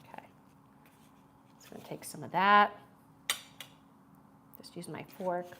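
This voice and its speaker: A woman's voice: fairly low pitch, takes it slowly, creaky, sharp tone. Host: woman, chatty, enthusiastic food-review streamer, faint background noise. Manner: chatty, enthusiastic, reads viewer comments aloud.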